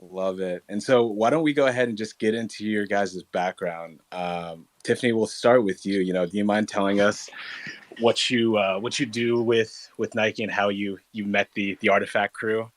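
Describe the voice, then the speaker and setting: A man hosting a casual online audio chat, upbeat and relaxed, with frequent fillers and restarts. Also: on the low side, normal speed, no echo. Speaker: host.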